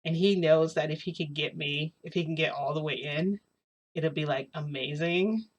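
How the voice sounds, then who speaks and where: A woman's voice: sits low, moderate pace, highs cut off. A woman telling a casual story in a rambling, giggly way, full of fillers and restarts.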